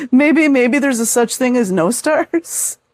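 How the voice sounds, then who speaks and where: Male host, mocking and sarcastic, higher voice, dry close recording. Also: no room sound. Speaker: video host reading book reviews. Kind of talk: casual commentary.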